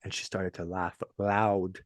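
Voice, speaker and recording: French-accented man, low and dry. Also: little pitch movement, dry recording. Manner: rambling, halting with many restarts. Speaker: podcast co-host. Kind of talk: casual chat.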